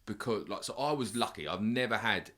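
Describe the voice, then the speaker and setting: A man's voice: lowish voice, animated, a little fast, sharp tone. A man, a podcast guest chatting frankly and swearing in his anecdotes. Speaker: podcast guest, business owner. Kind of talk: casual chat.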